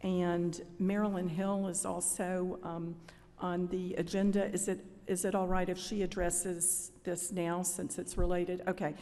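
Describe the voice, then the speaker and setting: A middle-aged woman testifies before a legislative committee in a measured, polite way, pausing often on "um." Her voice sits fairly low and mellow, with little rise and fall. The hearing room adds a long reverb tail. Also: little pitch movement. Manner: measured, polite, with frequent "um" pauses. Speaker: cancer network representative testifying to lawmakers. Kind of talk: formal budget testimony.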